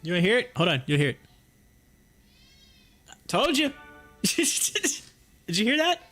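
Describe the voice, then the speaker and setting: Young male streamer, very high and lively voice, joking casual host, laughs a lot. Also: takes it slowly, faint music behind. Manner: excitable, joking, laughs often. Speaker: livestream host. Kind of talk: casual live stream chat.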